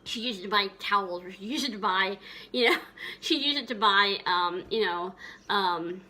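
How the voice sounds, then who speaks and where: Bright-voiced woman fondly reminiscing. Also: medium pitch, moderate pace. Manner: tender, rambling, many fillers. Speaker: vlogger. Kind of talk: casual reminiscing vlog.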